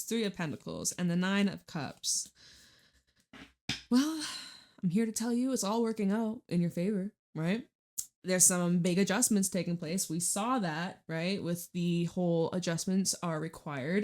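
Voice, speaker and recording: A woman's voice: on the low side, darkish tone. A young adult woman giving a casual tarot reading, chatty and candid, swearing now and then. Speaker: tarot reader.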